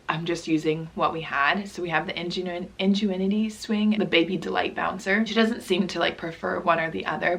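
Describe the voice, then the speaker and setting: A young woman with a hoarse, dry throat chatting casually to camera at home about baby gear, keeping her voice down. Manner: chatty, apologetic, lowers voice to stay quiet. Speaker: parenting vlogger. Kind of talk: casual vlog talk to camera. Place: at home indoors.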